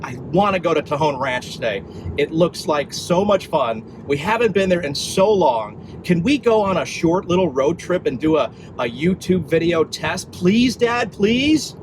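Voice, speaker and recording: A man's voice: on the high side, expressive, unhurried, background noise, pitched above the performer's own voice. A man doing a son begging his dad. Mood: pleading. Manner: whiny, begging.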